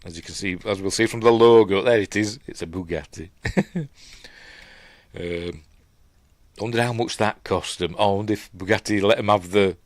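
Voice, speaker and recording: A man's voice: lowish voice, moderate pace, no echo, clean studio sound. A middle-aged man with a Yorkshire accent hosts a casual film breakdown. He rambles, trails off and restarts while chatting with viewers. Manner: chats with live viewers while watching. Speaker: host.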